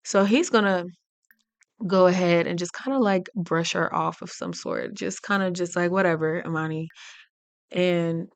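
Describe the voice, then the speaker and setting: A woman gives casual let's-play commentary on a life-sim game and narrates what her characters feel. She talks in a chatty, giggly way, and her voice is clear and smooth. Her pitch sits slightly low for a woman. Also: normal speed, no room sound. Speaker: gaming channel host.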